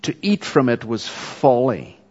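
A man preaching an expository sermon with earnest, steady teaching and occasional ums. His voice carries a long reverb, as if recorded in a large hall. The sound is somewhat dull and lo-fi. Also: medium pitch, unhurried, husky.

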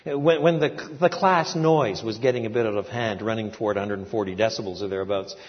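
An older man preaching a sermon, telling a story with lively swings between quiet asides and loud, emphatic peaks. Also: lowish voice, fairly quick. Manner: animated storytelling with big swings in loudness. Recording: muffled recording in a large reverberant hall.

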